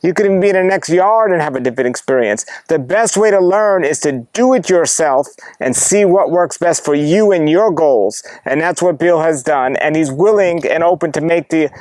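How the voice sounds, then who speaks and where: A man's voice: fairly high pitch, normal speed, few pauses, darkish tone, dry recording. A man who hosts a fruit-growing channel interviews a farmer and signs off with enthusiastic, upbeat presenting. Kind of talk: interview and sign-off.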